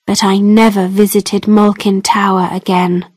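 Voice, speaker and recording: Slow, careful woman storybook narrator. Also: mid-range voice, flat delivery, a little mellow, no echo. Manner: plain, careful, clearly spaced phrasing. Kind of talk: slow scripted storybook narration for English learners.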